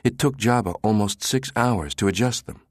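A man voicing a pushy, fierce middle-aged woman analyst, talking in an insistent, sharp, clipped way. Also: fairly low pitch, moderate pace, dry recording, clean studio sound, pitched above the performer's own voice, natural voice.

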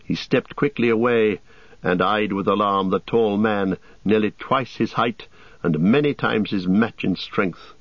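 A man reading a novel aloud in measured, dramatic scripted narration. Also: fairly low pitch, no echo. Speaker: audiobook narrator. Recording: dull, dry audiobook recording.

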